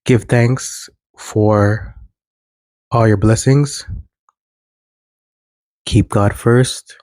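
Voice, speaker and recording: A man's voice: lowish voice, fairly even intonation, extremely slow, darkish tone, dry recording, low-quality recording. A man vlogging casual spiritual advice, earnest and preachy, repeating phrases for emphasis.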